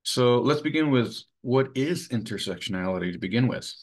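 A man presenting a training webinar in an earnest, measured way, with many fillers. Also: medium pitch, animated. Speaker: webinar presenter for a sexual assault coalition.

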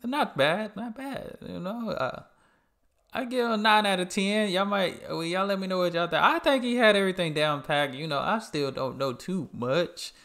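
A man's voice: high-pitched, normal speed, vocal fry. Laid-back man rambling in a reaction video. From United States. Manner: relaxed, rambling, repeats himself. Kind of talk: casual chat.

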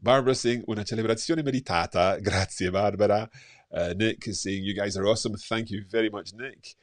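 A middle-aged man with a low voice hosts a live stream and chats easily through viewers' comments. He talks in a relaxed way, with plenty of uh and um. The sound is close and dry, with no room around it. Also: brisk, no echo. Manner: relaxed, chatty, with frequent fillers. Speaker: host.

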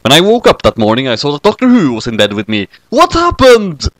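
Brief: man narrating deadpan, lively rise and fall, rather high, dry close sound. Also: quick pace, dry recording, faint music behind. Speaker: reader. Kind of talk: comedic dramatic reading of a fanfic.

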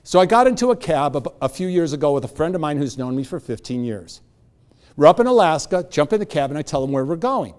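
A middle-aged man with a voice on the high side talks fast at an event hall. He's a motivational speaker telling stories in an animated way and acting out the voices of the people in them.

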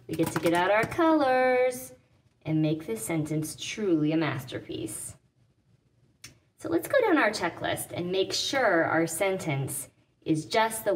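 A woman teacher patiently explaining sentence writing step by step. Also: medium pitch. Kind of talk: classroom explanation. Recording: distant mic with faint noise.

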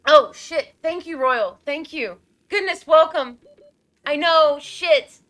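A woman's voice: high voice, slow, a bit bright. A young woman streaming a game live, nervous and jumpy, swearing and chatting to her viewers.

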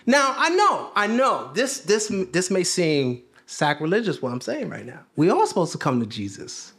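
A man's voice: fairly high pitch, big pitch swings, moderate pace, breathy edge. A man preaching a sermon, asking his listeners questions and repeating phrases for emphasis. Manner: conversational, asks the congregation questions. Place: church.

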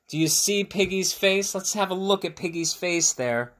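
Expressive teacher reading aloud, man. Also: high-pitched, normal speed, roomy sound. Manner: expressive, asks listeners questions. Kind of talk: picture-book read-aloud for children.

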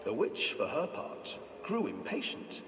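A man narrating a dark fairy tale as a ride's storybook voice, in measured, storytelling delivery. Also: on the high side, wildly swooping pitch, a little hiss or hum, heavily acted. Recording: echoey hall, voice from far off. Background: eerie music.

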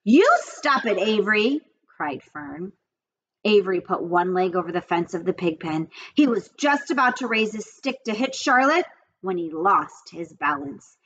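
A woman reading a children's book aloud in an expressive storytelling manner. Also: on the low side, moderate pace, dull audio. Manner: lively, expressive reading with character voices.

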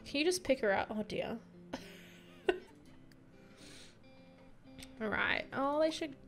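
A young woman chats through her gameplay in a casual, giggly way, gushing and easily moved. Her voice sits a little high and swoops all over, with a gravelly edge. Soft game music plays faintly under her. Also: animated, normal speed. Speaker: gameplay commentator. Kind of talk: casual let's play commentary.

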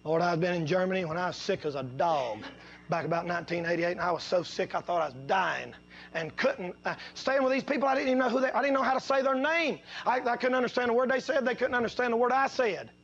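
A man preaching a sermon, telling folksy stories and swinging between low, quiet asides and loud, drawn-out preaching. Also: dull audio. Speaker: pastor.

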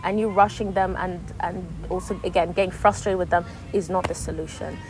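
A young woman co-hosting a podcast in casual chat, animated and acting out the voices she quotes. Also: on the low side, a little fast. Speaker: podcast co-host.

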